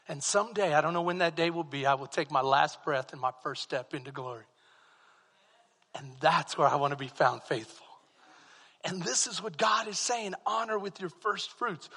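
A man preaching a sermon as pastor, swinging from quiet, slow passages to loud shouted peaks. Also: high voice, slightly rough. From Texas. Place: church sanctuary. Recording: long hall reverb.

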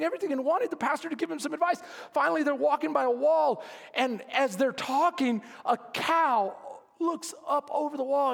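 A man with a very high voice and a Texan accent preaches to his congregation, telling funny stories and acting out both sides of conversations. He keeps asking for amens as the sound lingers in a long church reverb. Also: vocal fry, a bit bright. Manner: humorous storytelling, acts out dialogue, calls for amens. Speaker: pastor. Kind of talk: sermon.

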